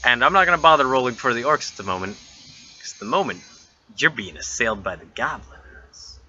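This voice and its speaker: A man runs a tabletop game in a very bright, sharp voice, casual and quick to swear. The recording is dull and lo-fi, with a faint hiss behind him. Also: mid-range voice, lively intonation. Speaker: game master.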